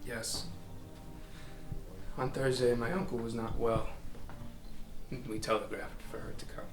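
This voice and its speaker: An actor playing a despairing, lovesick young writer who pleads, swinging from hushed to shouting. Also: male voice, medium pitch, level tone, unhurried, music in the background, lightly acted. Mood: subdued. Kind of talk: stage drama scene on film. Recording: echoey room.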